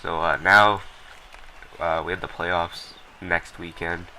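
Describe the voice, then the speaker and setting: A man's voice: deep voice, steady tone, takes it slowly, pushed and bright, a little hiss or hum, low-quality recording. A young man casually commenting over a recorded hockey match, rambling with lots of ums and blunt, profane remarks. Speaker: gameplay commentator.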